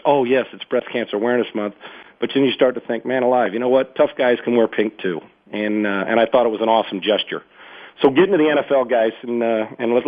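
A man hosting sports talk radio, rambling and emphatic, often repeating himself as he riffs. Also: mid-range voice. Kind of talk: unscripted sports radio commentary. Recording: phone-like narrow band radio audio.

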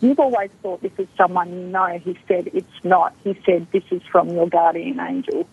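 A woman's voice: fairly low pitch, moderate pace, vocal fry, breathy edge. Woman telling a story over the phone. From Australia. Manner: animated storytelling, acts out quoted dialogue. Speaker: guest. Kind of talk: storytelling in an interview. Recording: tinny phone line.

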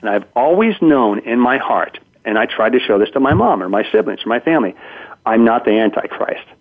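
His mid-range voice is very animated and a little fast: a man in his fifties, guesting on a conversational interview. He relates stories and acts out quotes, with many stammered restarts, and the phone line sounds tinny.

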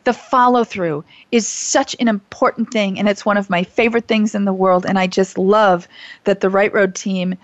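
A middle-aged woman hosts a call-in show for teachers, delivering a heartfelt, casual monologue in an earnest, gushing manner with many restarts. Her mid-range voice holds a steady tone at normal speed, with no echo and the highs cut off.

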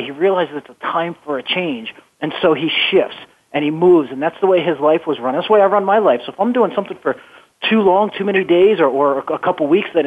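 A man's voice: on the high side, husky. A man telling his life story as an interview guest, earnest and often repeating words as he thinks. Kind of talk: phone-in radio interview. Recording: tinny phone line.

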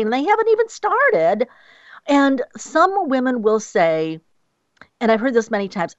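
A woman's voice: a little high, sing-song, unhurried, no echo, dull audio. A woman speaking passionately as a radio guest, acting out the voices of people she quotes. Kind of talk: radio interview.

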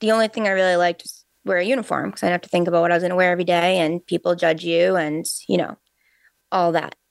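A woman co-host talks in a low, gravelly voice, recorded close and dry with no room sound. She rambles in an animated, chatty way, full of fillers and little acted-out quotes. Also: fast talker, no room sound. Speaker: podcast co-host. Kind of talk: casual conversational storytelling.

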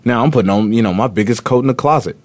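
A man's voice: mid-range voice, very fast, darkish tone, dry recording. A man hosting a sports talk radio show, chatting casually and rambling with lots of fillers and restarts. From Indiana.

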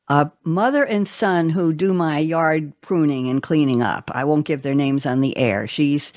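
A woman's voice: sits low, a little mellow, no room sound, clean studio sound. A woman hosting a radio talk show, chatty and digressive as she introduces her guests.

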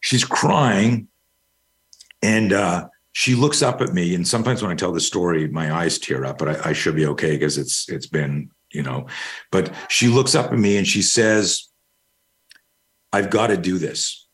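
In this storytelling interview, a middle-aged guest discusses fear management through a lengthy personal anecdote, wandering casually and swearing now and then. He has a low, slightly bright voice with lively intonation and a moderate pace.

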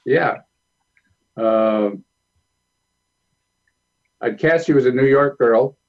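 A male film director speaking as a talk show guest, calm and measured as he recounts stories. His voice sits at a middle pitch. The sound is slightly dull and lo-fi. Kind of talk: interview storytelling.

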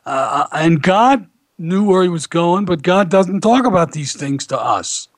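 Man, radio host, rabbi, storytelling, slightly high voice, dry close sound. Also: measured pace, dry recording. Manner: warm anecdotal storyteller, animated when quoting others. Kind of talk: casual radio talk and storytelling.

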